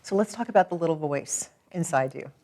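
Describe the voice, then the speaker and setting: A woman guiding a client through a tapping session, calm and gently directive, encouraging as she gives each step. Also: deep voice, brisk. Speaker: tapping practitioner.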